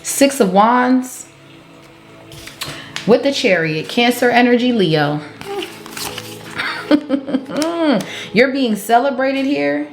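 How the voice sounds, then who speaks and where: A woman's voice: a little high, lively intonation, very slow, pauses often. A woman giving a collective tarot reading, blunt and profane, laughing often as she calls out the cards. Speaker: tarot reader. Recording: roomy echo with faint music.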